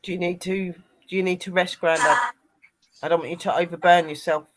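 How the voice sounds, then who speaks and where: A woman's voice: fairly low pitch, steady tone, fairly quick, rough recording. A woman hosting a live paranormal panel chat, speaking tenderly to her late grandad through a spirit box.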